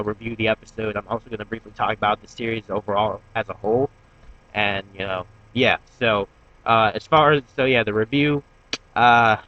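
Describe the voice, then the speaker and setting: A man's voice: mid-range voice, bright, forceful tone, highs cut off. A young man giving a casual, rambling review of a TV episode. He fills his talk with fillers and restarts and swears when he gets worked up. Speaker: YouTube TV reviewer.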